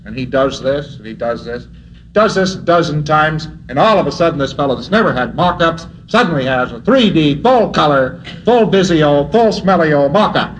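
Guy lecturing with lots of little stories, keeps chuckling, slightly high voice, faint hiss behind. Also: expressive, normal speed, low-quality recording. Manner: chuckles often while telling stories; acts out dialogue in his anecdotes. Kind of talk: anecdotal lecture.

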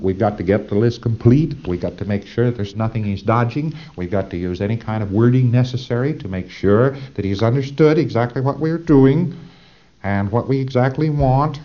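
A man's voice: fairly low pitch, highs cut off. A man giving a conversational, emphatic training lecture, often checking in with "see?".

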